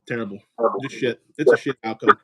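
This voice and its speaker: A man in casual chat, ranting about sports calls with swearing and quick asides. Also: medium pitch, a bit bright.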